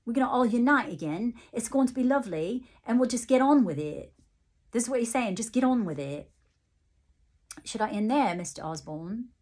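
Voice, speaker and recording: A woman psychic medium giving a channelled reading, relaying messages in the first person in a halting way with many restarts and gently playful, chuckling asides. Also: on the high side, lively intonation.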